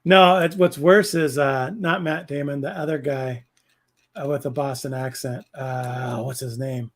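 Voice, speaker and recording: A man co-hosting a podcast in casual chat. He laughs often and slips into quick impressions. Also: medium pitch, fairly even intonation. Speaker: podcast co-host.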